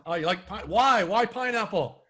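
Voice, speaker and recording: A man's voice: sits high, lively intonation, moderate pace, fairly bright tone. A man leading a live online sales training, coaching and urging participants on over a video call.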